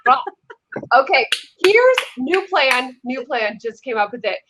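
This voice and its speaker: A woman's voice: sits high, very animated, measured pace, noisy background. A woman guest on an online chat, talking in a brash, profane, rambling way full of likes. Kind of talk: casual chat.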